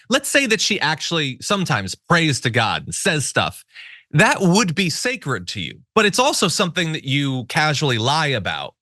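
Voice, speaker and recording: A man hosting a political commentary show, talking in a sarcastic, animated way. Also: on the high side, dry recording, clean studio sound. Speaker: show host.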